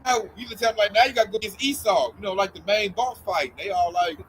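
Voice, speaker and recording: A man with a very high voice leads a casual religious group talk. He is animated and mocking. Faint noise sits under his voice. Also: quick pace, rough recording. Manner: animated, mocking, acts out scared people.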